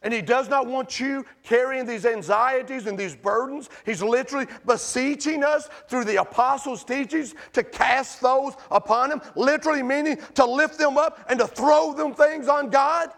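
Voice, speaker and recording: Pastor preaching, really high gravelly voice, goes from loud and fired up to almost whispering. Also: male voice, moderate pace, hardly any pauses. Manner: impassioned preaching, dropping to hushed pleading. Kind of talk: sermon. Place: church sanctuary.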